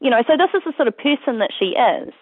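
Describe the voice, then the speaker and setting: A woman's voice: sits high, big pitch swings, quick pace, husky, no echo. A woman, a parent talking as an interview guest in a chatty, storytelling way. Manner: chatty, storytelling, full of "you know". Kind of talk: casual interview chat. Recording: tinny phone line, dry.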